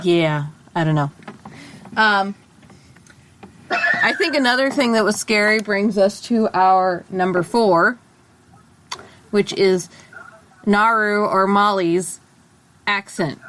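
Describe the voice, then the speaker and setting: Slow-talking woman podcast co-host. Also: medium pitch, background noise. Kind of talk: casual podcast chat.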